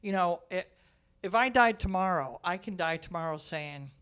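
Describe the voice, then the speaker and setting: In a casual interview, a woman who writes and directs for the stage shares stories at a moderate pace, her fairly low voice clean in tone. Emotional and expressive, she occasionally drops almost to a whisper.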